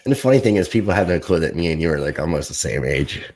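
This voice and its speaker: A man in casual conversation, reflective and quick to laugh, thinking aloud as he talks. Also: low-pitched, animated, a little mellow. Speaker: podcast guest. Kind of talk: casual chat.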